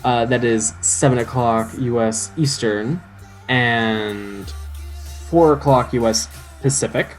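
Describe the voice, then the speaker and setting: A man's voice: medium pitch, slow pace, soft background music. A young man rambling on a live game stream, full of "um"s and restarts, joking about himself. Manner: chatty, self-mocking. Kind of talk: casual live-stream chat.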